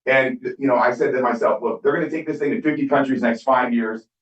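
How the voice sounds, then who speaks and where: A man's voice: medium pitch, fast. A middle-aged man giving a motivational business talk on stage, telling stories and acting out quoted dialogue. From Southern California. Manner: storytelling, acts out quoted dialogue. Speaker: skincare business speaker. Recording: distant, echoey, dull hall recording.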